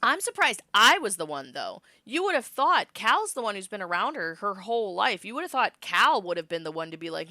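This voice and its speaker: A woman streamer reading game text aloud with excitable asides. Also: mid-range voice, a little fast, few pauses, no room sound, clean studio sound. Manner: excitable asides between narration.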